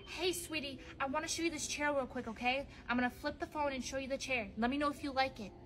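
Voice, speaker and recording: A woman plays a gentle, doting mother in a comedy skit, her voice soft and high. She talks sweetly, calls others sweetie, and stays easily puzzled. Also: fairly even intonation, fast talker.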